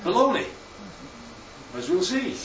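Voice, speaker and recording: A man's voice: high-pitched, a little slow, a little hiss or hum. Male preacher, slightly raised voice, distant dull echoey recording, prompts the room often. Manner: lively, peppers talk with "Right?" and "Yeah?". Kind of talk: sermon. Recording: echoey, distant, dull sound with faint ambience.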